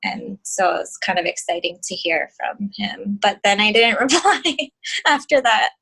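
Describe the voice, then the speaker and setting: A woman's voice: medium pitch, animated, moderate pace, gravelly, fairly bright tone, husky, rough recording. A shy, giggly woman from Hawaii, a guest in a casual chat.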